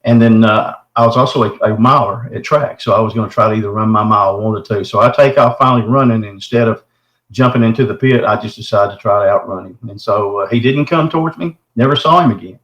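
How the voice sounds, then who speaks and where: A man's voice: on the low side, fast talker, fairly bright tone. Earnest middle-aged man, echoey sound. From Texarkana area, southern United States. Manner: earnest, folksy, keeps saying "man". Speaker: caller telling his encounter. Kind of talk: recounting a personal story.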